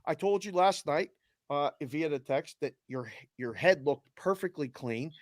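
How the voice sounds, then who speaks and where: A man's voice: a little high, measured pace, no echo, studio quality. A middle-aged man hosting a sports betting show in casual chat, telling stories animatedly and acting out the back-and-forth. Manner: animated storyteller acting out quoted exchanges.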